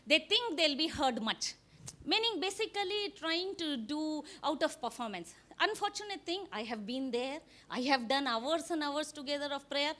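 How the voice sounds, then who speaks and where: A woman pastor preaching a sermon, animated, asking the congregation questions and acting out quotes. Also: high-pitched. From India.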